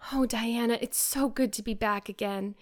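A woman's voice: fairly high pitch, fairly even intonation, normal speed, lightly acted. A woman voicing an eager, dreamy teenage girl in a storybook reading, earnest and effusive. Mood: joyful. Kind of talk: audiobook character reading.

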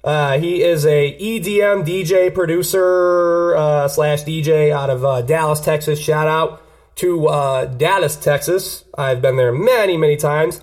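A man's voice: a little high, measured pace. A man hosting a casual podcast, introducing songs in a loose, profane, hyped-up way. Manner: loose and profane, hyping up music. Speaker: podcast host.

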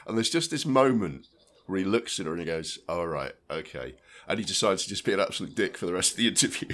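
A man's voice: sits low, quick pace. A man hosting a podcast, telling stories in casual film chat and acting out quotes. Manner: animated storytelling, acts out quotes. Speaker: podcast host.

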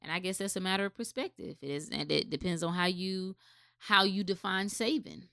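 A woman's voice: fairly low pitch, fairly quick, gravelly, fairly bright tone, clean tone. A woman giving a blunt, impassioned, unscripted rant with swearing, speaking straight to her listeners.

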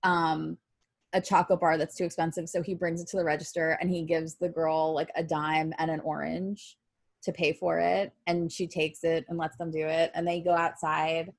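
Woman, low-pitched, tearful, emotional, casual podcast chat, dry close sound. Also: level tone, normal speed, vocal fry, dry recording. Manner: emotional, tearful when talking about poems. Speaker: podcast co-host.

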